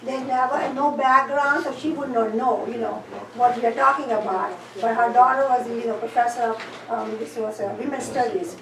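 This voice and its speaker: A woman in the audience adding a hesitant remark, with many pauses and fillers. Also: a little high, steady tone. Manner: hesitant, full of "you know" and "um". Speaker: audience member. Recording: distant mic in echoey room with noise.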